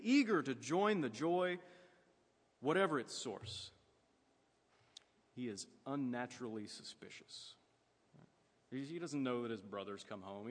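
A man's voice: mid-range voice, long reverb tail. A man preaching a sermon in a conversational way, asking his listeners questions.

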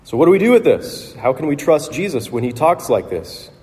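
A man delivers a sermon in an earnest, reflective way, pausing and restarting as he thinks aloud. His voice is mellow and darkly toned. The sound rings with the long reverb of a church hall. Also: on the high side, very animated. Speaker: pastor.

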